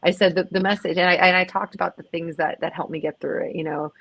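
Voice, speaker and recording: A woman with a low-pitched voice talks candidly as a podcast guest, emphatic and quick to exclaim. She often restarts her sentences. The sound is dry and close-miked. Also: fairly even intonation, gravelly, fairly bright tone, no echo. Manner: emphatic, swears, frequent restarts. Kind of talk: candid conversational chat.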